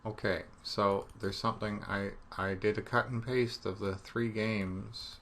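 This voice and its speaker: A man teaching programming in a relaxed screencast, thinking aloud as he debugs and joking about his own mistakes. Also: lowish voice, unhurried, a little hiss or hum. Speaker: programming instructor. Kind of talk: screencast coding tutorial.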